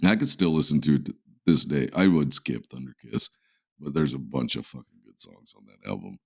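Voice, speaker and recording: A man's voice: a bass voice, very animated, brisk, gravelly. A man co-hosting a podcast in a laid-back, rambling chat, swearing freely. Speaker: podcast co-host. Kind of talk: casual chat.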